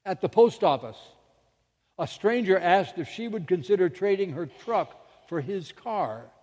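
Male minister, slow dramatic sermon storytelling, long hall reverb. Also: sits high, lively intonation, a little mellow. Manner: dramatic storytelling with sudden drops to near-whispers.

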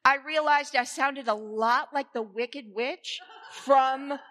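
A woman minister giving a sermon in a church, playful and animated as she leads the congregation. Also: high voice, slow pace. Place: church sanctuary. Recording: reverberant church hall.

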